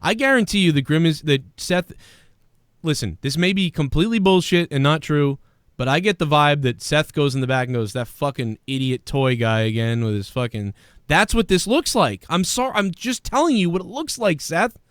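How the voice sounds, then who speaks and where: A man hosting a podcast, ranting in a profane, animated way and mimicking people as he talks. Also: fairly high pitch, moderate pace, no room sound, clean studio sound. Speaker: podcast host.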